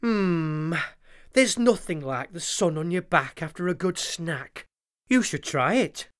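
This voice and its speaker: Narrator as a mellow, unbothered male dinosaur in a children's story, slow and lively. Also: medium pitch. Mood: relaxed. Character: calm, relaxed male hadrosaur.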